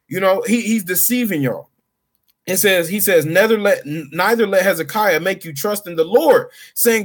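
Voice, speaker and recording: Male bible teacher, higher pitch, loose slangy delivery between scripture readings. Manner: casual, slangy, reads scripture then paraphrases. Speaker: street preacher.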